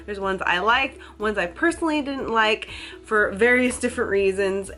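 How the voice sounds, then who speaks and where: A congested woman with a stuffy, nasal sound hosts a casual educational fitness vlog. She rambles in an easygoing, chatty way, laughing and dropping fillers as she goes. Her pitch sits in an ordinary middle range, and faint music plays behind her. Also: fairly bright tone. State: congested, nasal from a head cold. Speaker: fitness vlogger.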